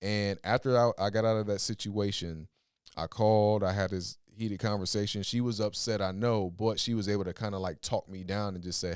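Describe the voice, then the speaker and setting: A man's voice: on the low side, steady tone, brisk, clear, resonant tone, no echo. Man, young adult, podcast guest, earnest, dry close sound. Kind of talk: casual storytelling chat.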